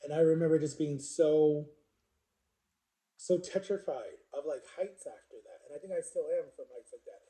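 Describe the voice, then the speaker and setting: Guy in his 40s rambling storytime vlog, real mellow dark voice, kinda roomy echo. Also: a little high, normal speed. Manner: rambling, filler-heavy, repeats words. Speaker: vlogger. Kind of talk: casual storytime monologue.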